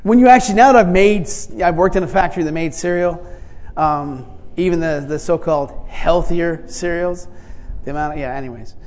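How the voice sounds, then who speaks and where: A man's voice: on the high side, fairly quick, darkish tone. A male preacher telling stories in a rambling sermon, often restarting and chuckling as he talks. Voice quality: gravelly. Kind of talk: sermon storytelling. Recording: long reverb in a large hall.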